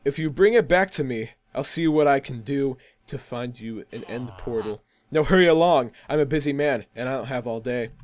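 A man's voice: mid-range voice, expressive, moderate pace, hardly any pauses, a little mellow, voice pushed down, close to an everyday voice. A man reading out a game's dialogue, voicing an impatient, self-important male townsman who hands out a quest in a curt, demanding way. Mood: haughty. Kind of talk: reading game dialogue aloud.

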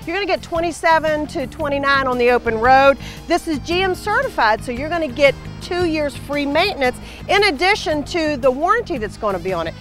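A woman co-hosting a car dealership show, presenting cars in a peppy, enthusiastic sales pitch. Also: expressive, fairly quick, hardly any pauses, fairly bright tone, soft background music.

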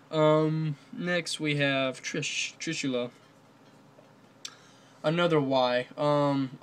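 Rambling man talking card games. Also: mid-range voice. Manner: rambling, many fillers and restarts. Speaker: card game video host. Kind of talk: casual commentary on a card game list.

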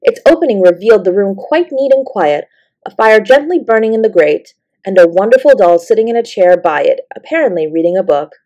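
A woman narrating a bedtime story in a gentle, expressive way. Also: medium pitch, a little fast. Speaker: audiobook narrator.

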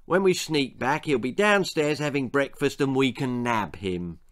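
A man's voice: mid-range voice, expressive, a little slow, lightly acted. A man voicing a scheming, self-assured father in a children's story reading, confident and coaxing.

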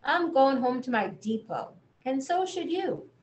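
Sleepy train by a woman, soft, slow, sing-song, roomy. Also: sits high, expressive, voice pushed up. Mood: drowsy. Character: sleepy old male steam train, gentle. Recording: echoey room.

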